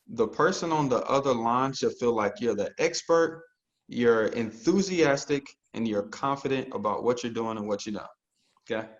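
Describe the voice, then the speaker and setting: A man coaching a group on a call, energetic and constantly checking in with "okay?". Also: medium pitch, muffled recording. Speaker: real estate investing coach. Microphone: video call.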